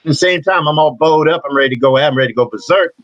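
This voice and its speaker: Fast-talking, profane male storyteller. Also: a little high, fairly bright tone. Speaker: comic book illustrator, interview guest. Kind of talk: casual interview storytelling. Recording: dull lo-fi dry audio.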